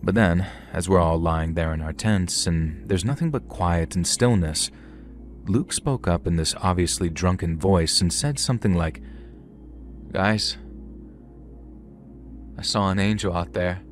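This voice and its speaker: Deep-voiced man narrating horror. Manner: measured, conversational storytelling with slang. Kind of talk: scripted first-person horror narration. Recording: faint music underneath.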